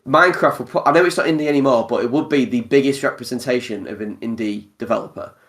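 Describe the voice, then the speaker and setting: A man's voice: mid-range voice, fast talker, fairly bright tone. A man hosting a casual podcast chat, talking in a loose, sweary way with lots of fillers and restarts. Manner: chatty, swears a lot, many fillers and restarts. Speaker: podcast host.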